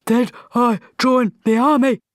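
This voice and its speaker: A woman voicing a huge, slow-witted male troll who speaks bluntly in a rumbling way in a storybook reading. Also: fairly even intonation, no echo, clean studio sound, lightly acted. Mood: puzzled.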